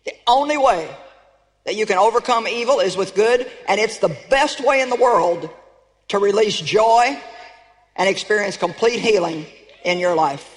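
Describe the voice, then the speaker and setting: A woman's voice: mid-range voice, animated, moderate pace. Emphatic woman preaching in a big hall. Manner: emphatic, calls for audience response. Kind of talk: sermon. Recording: long reverb of a large hall.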